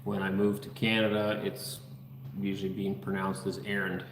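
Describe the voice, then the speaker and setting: Man from the netherlands, relaxed livestream host, fairly low voice, reverberant half-built room, faint hum. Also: normal speed. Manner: easygoing, reads viewer names aloud. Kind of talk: casual chat reading live comments. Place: unfinished house under construction.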